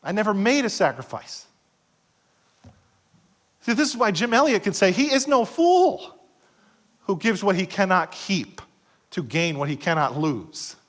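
A middle-aged pastor preaching a sermon, swinging between loud passages and hushed asides and acting out quoted voices. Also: male voice, high-pitched, animated, normal speed. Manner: acts out quoted voices in short skits.

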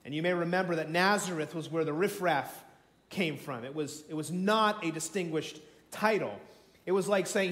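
A man preaching a sermon as pastor, telling the story dramatically, acting out voices and swinging from shouts to near whispers. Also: high-pitched, expressive, normal speed. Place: church sanctuary. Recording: echoey church room.

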